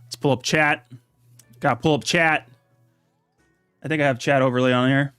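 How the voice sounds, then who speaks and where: A man casually chatting on a live stream, reading chat aloud and answering questions in a relaxed, rambling way. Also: mid-range voice, moderate pace, smooth, no echo, soft background music. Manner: laid-back, reads chat aloud, rambling asides. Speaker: livestream host.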